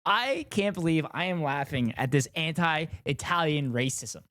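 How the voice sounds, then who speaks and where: A man's voice: fairly high pitch, normal speed, hardly any pauses, dry recording, studio quality. A man streaming live, casually reacting and joking with plenty of swearing. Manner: profane, animated and joking.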